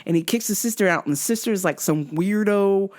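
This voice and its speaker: A woman's voice: medium pitch, fairly quick, darkish tone. A woman hosting a casual comedic show, profane, laughing often and acting out quotes in put-on voices. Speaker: podcast host.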